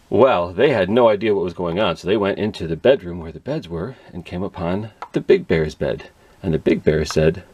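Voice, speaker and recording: A man's voice: deep voice, lively intonation, normal speed, dark tone, breathy edge, no room sound. A man telling a children's story at a library in a playful read-aloud manner with sound effects.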